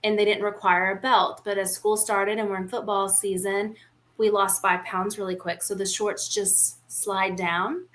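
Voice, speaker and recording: Unhurried and fairly bright, her mid-range voice shows little pitch movement. She co-hosts a podcast, and in this relaxed chat the small-town U.S. woman tells stories that are candid and playful.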